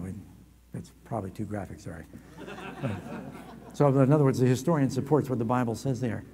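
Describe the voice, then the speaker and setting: A man preaching a storytelling sermon at a camp meeting, animated and humorous with quick asides, in a large hall. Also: medium pitch, slightly rough. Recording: long reverb of a large hall.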